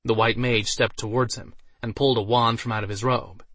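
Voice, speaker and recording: A man narrating a fantasy story in a steady, even storytelling manner. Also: mid-range voice, brisk, hardly any pauses, no room sound. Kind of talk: audiobook narration.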